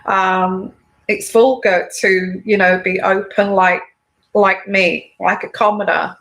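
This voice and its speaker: A woman tarot reader talking in a casual monologue, halting and repetitive, with many fillers and restarts. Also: medium pitch, steady tone, a bit bright, poor audio.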